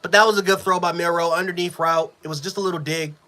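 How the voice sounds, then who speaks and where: A man giving a live sports reaction, frustrated and profane, swinging between yelling and low muttering. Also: steady tone, fast talker. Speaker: sports fan streamer.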